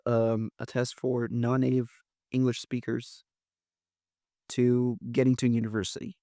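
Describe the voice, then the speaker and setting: A podcast host whose first language is Portuguese and who speaks with a stutter, talking in a halting way with many restarts. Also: male voice, mid-range voice, warm tone, no echo, clean studio sound. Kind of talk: casual interview chat.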